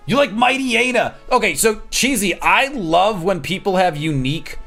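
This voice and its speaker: A man's voice: sits high, expressive, normal speed, few pauses, pushed and bright, soft background music. Chatty man streaming a game. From Wisconsin. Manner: chatty, self-deprecating, thinking aloud. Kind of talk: casual gameplay commentary.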